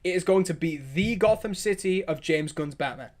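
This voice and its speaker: A man hosting a livestream, chatting casually and reacting to viewer comments in an excitable, rambling, opinionated way. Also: high voice. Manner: excitable, rambling, quick restarts and opinionated asides. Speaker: livestream host.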